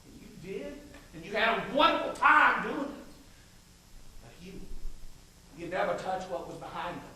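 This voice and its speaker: An actor playing a brash, domineering state governor, swaggering and coarse, on an echoey stage recorded from afar. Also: male voice, high-pitched, sing-song, moderate pace, pushed and bright, heavily acted. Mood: forceful. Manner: swaggering, boisterous, coarse and persuasive. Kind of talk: stage play acting. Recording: echoey stage miked from far, faint noise.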